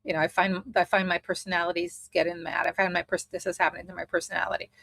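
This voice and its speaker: A woman's voice: lowish voice, level tone, fast, gravelly, a bit bright, no room sound. A woman teaching a spiritual study group in a casual way, thinking aloud as she explains a method step by step.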